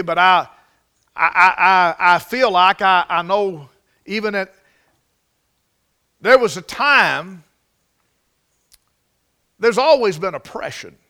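A man's voice: high-pitched, bright, forceful tone. A man preaching a sermon, emphatic and prone to restarts. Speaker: pastor.

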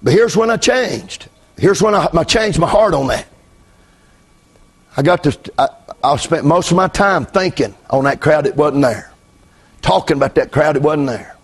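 A middle-aged man preaching a fiery sermon as pastor. He drops to hushed storytelling, then shouts fervently, repeating phrases and calling out amen. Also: a little high, expressive, normal speed, slightly rough.

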